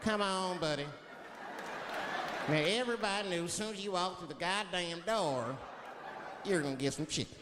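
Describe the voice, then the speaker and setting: A man doing stand-up, telling a profane story with animated asides. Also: high-pitched, brisk, long reverb tail. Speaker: stand-up comedian. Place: comedy club stage. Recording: live club set with noisy audience. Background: audience laughter and chatter.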